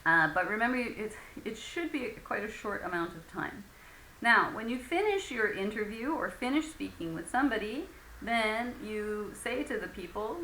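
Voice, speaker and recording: A woman's voice: mid-range voice, lively intonation, normal speed, pushed and bright. A woman teaching an English conversation lesson in a patient way, with many fillers, acting out example phrases. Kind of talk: recorded lecture. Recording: echoey room with faint ambient noise.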